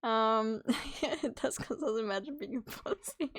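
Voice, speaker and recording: A woman's voice: fairly high pitch, takes it slowly, breathy edge. A young woman live-streaming in casual chat, teasing her friends playfully and swearing freely.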